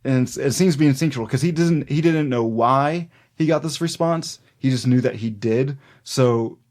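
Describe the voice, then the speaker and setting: A man's voice: medium pitch, normal speed, a little mellow. A man co-hosting a folklore podcast in casual chat, rambling with many fillers and easy laughs. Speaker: podcast co-host.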